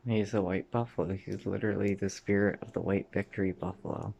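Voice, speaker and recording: Here a thirtysomething Canadian man tells personal stories that wander from one thing to another, swearing a lot and at times lowering to a mutter or whisper. His pitch is fairly low and his tone steady and darkish, with vocal fry, and he talks briskly.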